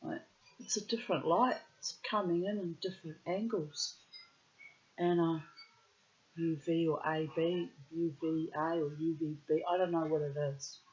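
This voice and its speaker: A woman's voice: low-pitched, steady tone, a little slow, a little mellow, muffled recording. A woman with a New Zealand accent telling a rambling personal story straight to the viewer, blunt and profane. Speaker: vlogger.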